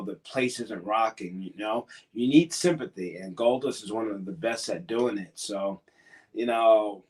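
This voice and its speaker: A man, a former pro wrestler, telling stories as a guest in a casual interview, rambling and repeating himself. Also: fairly low pitch. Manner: rambling, repeats words and restarts.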